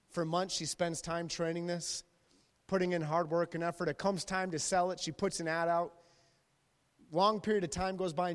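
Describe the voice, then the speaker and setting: A man, a youth pastor, preaching a sermon and telling stories lively, acting out the people in them. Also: high voice, moderate pace. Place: church sanctuary. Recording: long reverb of a large hall.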